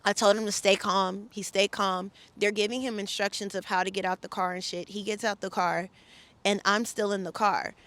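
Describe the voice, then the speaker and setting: A woman's voice: mid-range voice, steady tone, moderate pace, fairly bright tone. A woman from the Bay Area, a podcast guest, recounting a story in an emphatic, profane, heated way. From San Francisco Bay Area. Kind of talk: casual storytelling interview.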